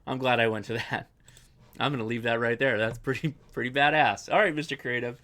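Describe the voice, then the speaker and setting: A man's voice: mid-range voice, steady tone, a little fast, bright, forceful tone. A young adult man hosting a casual live-stream Q&A, chatty and rambling, often correcting himself as he answers viewer questions.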